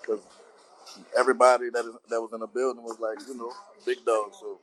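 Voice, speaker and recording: New Orleans-accented guest on a video call, quick and easygoing, slang-heavy. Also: male voice, mid-range voice, level tone, a bit bright, rough recording. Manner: laid-back slang, many "you hear me" tags. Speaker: battle rapper guest. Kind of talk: casual video call chat. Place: restaurant.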